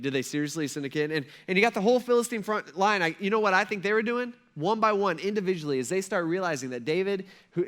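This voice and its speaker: A man's voice: fairly high pitch, fairly bright tone. A male pastor preaching a sermon, telling a story with energy and acting out the characters' lines in casual speech.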